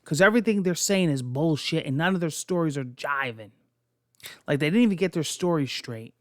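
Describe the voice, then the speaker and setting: A man hosts his own podcast and recounts a strange true tale in loose, animated, swear-heavy storytelling. His voice sits a little higher than most men's. The sound is dry and close, with no room echo. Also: a little fast. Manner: profane, animated, incredulous. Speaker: podcast host. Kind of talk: casual storytelling.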